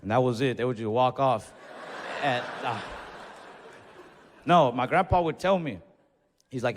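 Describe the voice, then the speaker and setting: A man's voice: mid-range voice, measured pace, pauses often. A young man doing stand-up and telling a long story in a laid-back, profane way. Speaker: stand-up comedian. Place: comedy club stage. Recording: long reverb and faint noise, club stage.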